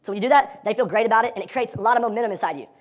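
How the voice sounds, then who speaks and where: In rapid-fire bursts and a high voice, a man teaches a live dating seminar, energetic and profane, acting out quoted dialogue as he talks to the crowd.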